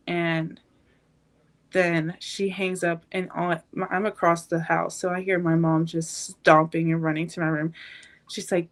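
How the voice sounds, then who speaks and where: An eighteen-year-old woman, a podcast guest, telling a painful personal story in a halting, emotional way. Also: on the low side, level tone.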